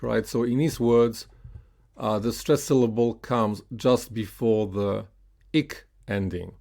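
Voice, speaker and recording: Low slow guy teaching english pronunciation, lots of uh and right?, says words slowly for you to repeat. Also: steady tone, gravelly, a little mellow. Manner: slow, patient, with frequent "uh" and "right?" checks. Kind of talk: classroom pronunciation lesson.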